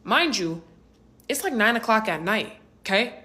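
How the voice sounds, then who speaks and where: A young adult woman narrating a personal storytime vlog in a casual, slangy and animated way, with rhetorical asides to the listener. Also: fairly high pitch, normal speed.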